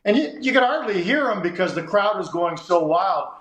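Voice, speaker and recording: A man's voice: sits high, normal speed, echoey room, low-quality recording. A Canadian man hosting a sports radio show, telling a long story and acting out the dialogue. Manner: animated, acts out quoted dialogue.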